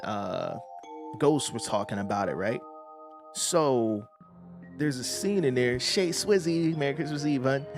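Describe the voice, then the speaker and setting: A man streaming a game, chatting casually with viewers and reading their comments aloud in a relaxed way, with lots of hedging. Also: mid-range voice. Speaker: gaming streamer. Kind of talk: casual livestream chat.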